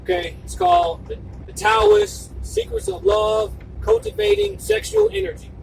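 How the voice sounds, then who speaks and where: A man delivering an impassioned, profane video monologue, repeating himself for emphasis and sometimes shouting. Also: very high-pitched, huge pitch swings, unhurried, vocal fry, distant mic, a little hiss or hum, poor audio. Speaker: video blogger.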